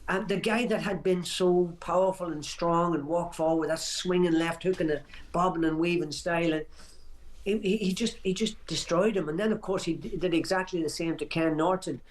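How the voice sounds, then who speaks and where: A man's voice: sits high, normal speed. A man in his sixties, a boxing pundit on a radio talk show, reminiscing emphatically and restarting his phrases often. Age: 60s.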